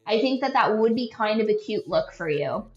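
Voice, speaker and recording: With lively intonation and a slightly mellow, medium-pitched voice, a young woman podcast host speaks at normal speed while faint music plays behind her. Her storytelling is loose, rambling and self-deprecating, heavy on "like." The recording sounds dull and lo-fi, with room echo.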